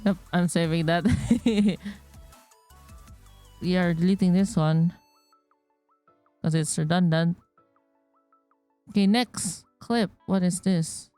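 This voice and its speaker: A woman's voice: lowish voice, slow pace, pauses often, dark tone, dry recording, faint music behind. A woman streamer chatting casually as she looks back over game clips, giggly, loose and swearing freely. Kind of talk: casual chat while reviewing game clips.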